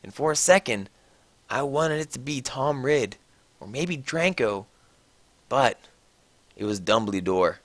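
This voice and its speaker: A man's voice: medium pitch, measured pace, pauses often, no room sound. Mock-dramatic man reading a story aloud. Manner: sarcastic, mock-dramatic, animated. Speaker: reader.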